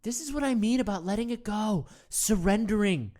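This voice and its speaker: A woman's voice: mid-range voice, expressive, moderate pace, warm tone, natural voice. A woman playing a rambling, earnest male self-help guru hosting a comedy meditation show, full of stammered restarts. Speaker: host. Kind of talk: improvised comedy monologue.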